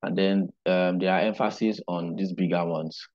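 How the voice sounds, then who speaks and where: Deep-voiced man teaching a class. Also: steady tone, darkish tone, dull audio. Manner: unhurried, explanatory, asks "right?" often. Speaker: digital marketing instructor. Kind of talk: live online class lecture.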